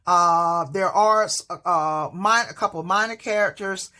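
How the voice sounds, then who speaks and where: A woman's voice: lowish voice, unhurried, pushed and bright. A woman, a teacher, giving a casual spoken book review, hesitant and full of fillers, restarts and stammers. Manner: hesitant, many fillers and restarts, admits stuttering.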